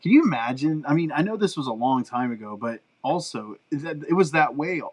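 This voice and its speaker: Animated man telling stories. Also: fairly high pitch, brisk, low-quality recording. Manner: animated storyteller, laughs often, voice jumps up when excited. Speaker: podcast co-host. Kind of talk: casual chat.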